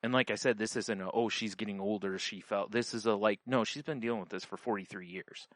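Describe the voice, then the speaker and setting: A man's voice: on the low side, steady tone, brisk, fairly bright tone, dry recording. A man co-hosting a podcast, telling a story in casual chat, rambling with lots of fillers and restarts. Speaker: podcast co-host.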